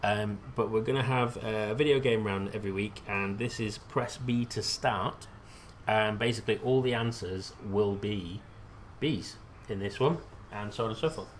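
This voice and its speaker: A man's voice: on the low side, normal speed, slight background noise. A British man hosting a casual live quiz stream, rambling and joking at his own expense. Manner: rambling, self-deprecating, joking. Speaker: quiz host.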